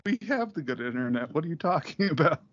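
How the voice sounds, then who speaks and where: A man's voice: on the high side, big pitch swings, fast talker, no room sound, highs cut off. A man co-hosting a comedy podcast over a call, bickering back in defensive, exasperated, crude banter. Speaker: podcast co-host. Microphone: remote call mic.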